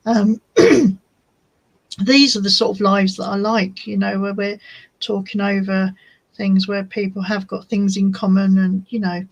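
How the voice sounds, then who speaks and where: A woman's voice: medium pitch, breathy edge, poor audio. A woman hosting a casual livestream chat for her craft channel, homely and chatty. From United Kingdom. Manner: chatty and homely, talks fondly to her cat.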